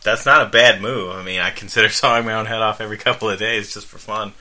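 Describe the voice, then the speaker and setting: A man's voice: on the low side, steady tone, fast talker, pushed and bright. A man co-hosting a comedy podcast, teasing and sarcastic in casual chat. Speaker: podcast co-host.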